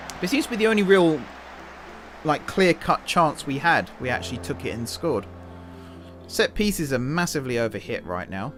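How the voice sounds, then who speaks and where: Chatty young man narrating a football game. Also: medium pitch. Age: young adult. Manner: chatty, muses aloud and shifts between match calls and asides. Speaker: gaming YouTuber and streamer. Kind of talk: relaxed live commentary over a football management game. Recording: game music playing under the voice.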